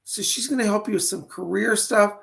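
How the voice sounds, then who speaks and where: A man's voice: high-pitched, fairly quick, gravelly, fairly bright tone. A man hosting a live online psychic reading, talking chattily, greeting viewers by name, and losing his voice.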